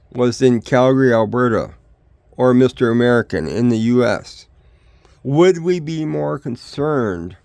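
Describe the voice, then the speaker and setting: A man's voice: mid-range voice, darkish tone, dry recording. An older man, ranting in a rambling vlog monologue full of rhetorical questions. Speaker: vlogger.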